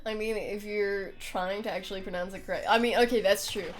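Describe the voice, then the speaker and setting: A woman's voice: mid-range voice, fairly even intonation, brisk, soft background music. A young woman streaming a game, chatting casually and giggling as she greets her viewers. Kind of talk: casual live-stream chat during a game playthrough.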